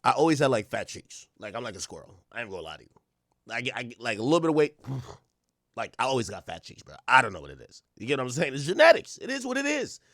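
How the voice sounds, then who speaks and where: A man streaming, casually and excitably reacting to a clip for his chat, full of slang and frequent laughter. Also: mid-range voice, fast talker, no room sound, studio quality. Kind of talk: animated casual commentary to chat.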